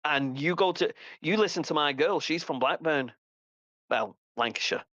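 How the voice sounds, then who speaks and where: A man's voice: a little high, moderate pace, fairly bright tone, dry recording, dull audio. A man from England with a Liverpool accent, chatting casually on a live call-in show and laughing often. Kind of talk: casual chat.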